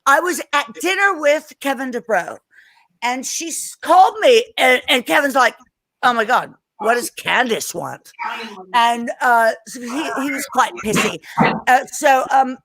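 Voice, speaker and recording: A woman singer, a podcast guest, telling an animated story. She is emphatic, swears she is telling the truth and repeats words as she starts her sentences. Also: sits high, a little slow, no echo, rough recording.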